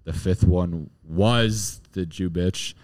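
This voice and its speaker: A young man in his twenties, crude and animated, laughing through casual banter with friends. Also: low-pitched, takes it slowly.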